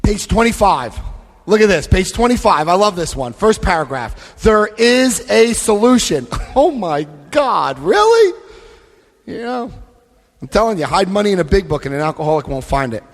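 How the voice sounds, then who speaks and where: A man giving a lively, joking talk to an AA convention crowd, often acting out other people's voices. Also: high-pitched, normal speed. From United States. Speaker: AA convention speaker. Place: large convention hall. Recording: live hall recording with long reverb.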